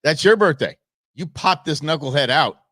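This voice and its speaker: In a casual talk show, a man in his forties co-hosts, joking and rambling with plenty of restarts. His voice is fairly high, expressive and a bit bright at a normal speed, captured in a dry, clean studio recording.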